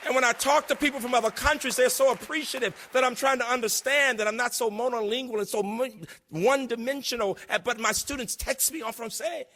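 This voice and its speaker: Animated older man speaking in a hall. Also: very high-pitched, fairly quick, few pauses. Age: 60s. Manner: animated, emphatic, storytelling. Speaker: keynote speaker, university president. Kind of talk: conference speech. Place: large lecture hall. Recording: long reverb of a large hall.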